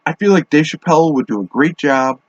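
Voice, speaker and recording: A slightly high-voiced man rambles offhand through a casual solo monologue, stumbling into restarts and fillers. He is smoking as he talks. The recording is dull and lo-fi, with a dry, close sound. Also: animated, brisk, no echo. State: smoking while talking. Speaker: podcast host. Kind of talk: casual monologue on fan casting. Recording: dull, dry lo-fi home mic.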